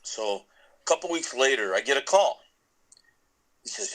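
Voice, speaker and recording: A middle-aged man tells a long story on a podcast in a loose, rambling way. He restarts his sentences again and again, and his voice sits at an ordinary middle pitch. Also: very animated, moderate pace, fairly bright tone, rough recording. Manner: rambling with many restarts and laughs. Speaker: podcast guest, musician. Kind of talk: casual storytelling.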